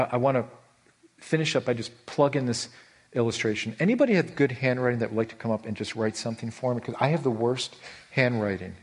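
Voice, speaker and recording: A middle-aged man preaching a sermon as pastor, animated, with his voice leaping high for emphasis and slowing right down on key words. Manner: animated, voice leaps high for emphasis, drawn-out slow stresses.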